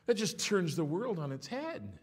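A middle-aged man preaching a sermon as pastor, telling stories with animated swings between hushed and loud delivery. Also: sits high, moderate pace, husky.

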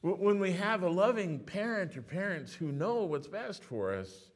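Animated storytelling male pastor. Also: high voice, normal speed. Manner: animated storytelling, swings between hushed and loud. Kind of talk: sermon.

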